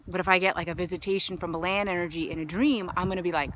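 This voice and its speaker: A woman hosting a self-help vlog, telling a story in a casual monologue that swings from hushed asides to loud emphasis. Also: on the low side, fairly even intonation, very fast, slight background noise. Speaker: healer and vlog host.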